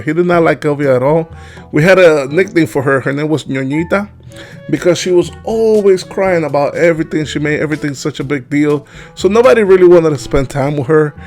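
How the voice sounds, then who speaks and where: High-voiced man telling a funny story. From Dominican Republic. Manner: animated, laughing often, lots of fillers. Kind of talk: comedic storytime narration.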